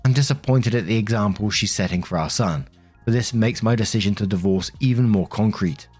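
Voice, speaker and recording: A man narrating written online stories aloud in a steady, scripted reading style. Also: fairly low pitch, fairly quick, breathy edge, soft background music.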